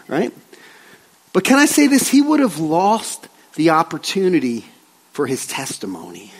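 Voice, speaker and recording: A middle-aged man preaches with animated, joking storytelling, checking in with "right?" along the way. His voice sits high and swings widely in pitch. A long reverb hangs in the church sanctuary. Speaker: pastor. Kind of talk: sermon.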